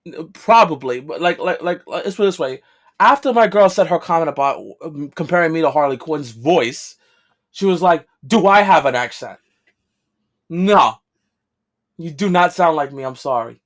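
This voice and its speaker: A man with a New York accent, co-hosting a casual podcast chat and telling lively stories with quick, playful denials. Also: a little high. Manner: animated storyteller, quick to deny, interrupts with short replies. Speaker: podcast co-host.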